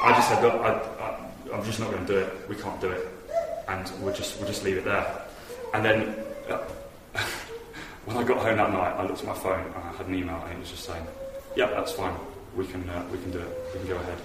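A man's voice: deep voice, wildly swooping pitch, fairly quick. A man giving an earnest, conversational sermon in a church hall, telling stories with animation. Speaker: preacher. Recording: echoey hall from far off with noise.

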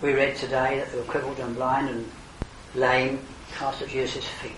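An older man preaching an earnest evangelistic sermon, his voice swelling to emphatic calls and then falling quiet. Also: mid-range voice, level tone, moderate pace, a little hiss or hum. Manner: earnest, rising to emphatic exclamations then dropping soft. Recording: roomy hall, distant mic, faint ambience.

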